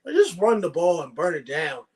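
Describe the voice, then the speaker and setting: Excitable high-voiced young man ranting. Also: normal speed, husky. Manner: excitable, argumentative, reads chat aloud. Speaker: streamer. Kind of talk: live game watch-along commentary.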